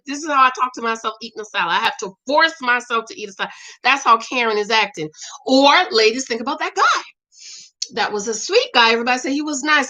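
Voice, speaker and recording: Lady in her middle years reacting to a dating show, animated, calls out viewers by name. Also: sits high, fast. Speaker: commentary vlogger reading viewer comments. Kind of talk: casual chat.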